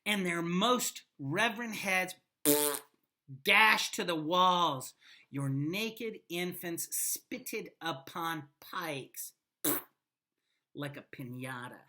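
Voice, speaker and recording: A woman reading a stern warrior king's threat to a besieged town, declaiming slowly and with menace. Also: fairly low pitch, animated, sharp tone, slight background noise, heavily acted. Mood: menacing.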